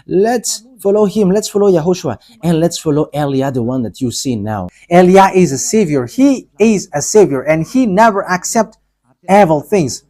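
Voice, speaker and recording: Mid-pitched preacher, fervent sermon delivery, hammering repeated warnings. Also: expressive. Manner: ends in a slow, soft spoken prayer.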